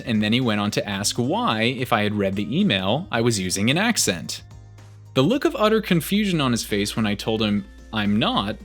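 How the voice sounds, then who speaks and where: A man narrating online posts aloud as a storyteller, reading in a lively way. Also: medium pitch.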